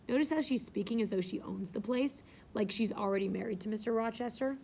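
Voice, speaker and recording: A woman's voice: on the high side, brisk, creaky, hardly any pauses, dark tone, slightly rough. A woman reading a novel aloud and breaking off to explain it in a chatty, casual way.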